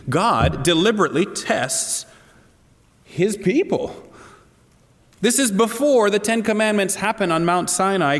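A man's voice: a little high, big-room sound. A man preaching a sermon to a congregation, earnest and asking them direct questions. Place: church hall.

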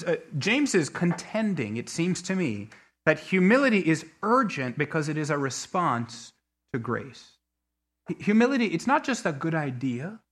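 Bright-voiced preacher telling a story. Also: male voice, a little high. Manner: storytelling preacher, many restarts, swings between quiet and emphatic. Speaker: pastor. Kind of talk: sermon.

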